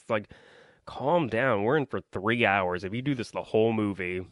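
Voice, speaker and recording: A man's voice: lowish voice, fairly quick, dry recording. A young man hosting a solo podcast, rambling through a casual movie review with lots of ums and likes while complaining about his audience. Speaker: podcast host.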